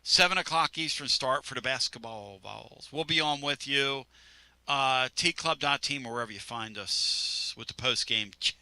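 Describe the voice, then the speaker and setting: A man's voice: mid-range voice, moderate pace, pushed and bright, smooth, dry recording. A man hosting sports talk radio in a studio, rambling and joking.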